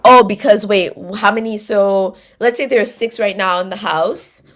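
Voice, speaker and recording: A North American woman chats casually as she hosts a livestream and answers viewer comments. Her voice sits at a middle pitch, and her talk is loose and slangy, with plenty of fillers and false starts. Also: a little slow, a bit bright. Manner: chatty and slangy, many fillers and restarts. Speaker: host of a reality show recap stream.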